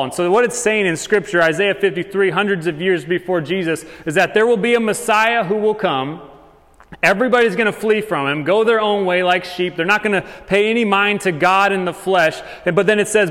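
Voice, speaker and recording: A man preaching a sermon as pastor, reading scripture aloud and speaking with animated, rising intensity. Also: sits high, normal speed. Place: church sanctuary. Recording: long hall reverb.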